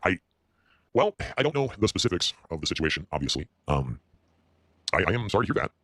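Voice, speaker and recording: A man rambles on his livestream, stammering and doubling back over his words. His voice is very deep, with a lively, swinging pitch. He talks very fast, and the sound is dry. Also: no echo. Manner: stammering, repeats words, halting. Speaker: streamer.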